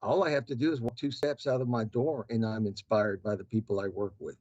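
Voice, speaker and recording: A man, a health system chief giving an interview, speaking earnestly with halting restarts and repeated words. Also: medium pitch, fairly even intonation, a little mellow, no room sound, highs cut off. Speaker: guest, health system CEO. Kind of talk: conversational interview.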